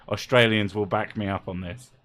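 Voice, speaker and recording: A man's voice: fairly low pitch, fairly even intonation, a bit bright, slight background noise. Joking, sweary man on a livestream. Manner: joking, swears freely, quick asides. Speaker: streamer host. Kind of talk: casual comedic livestream chat.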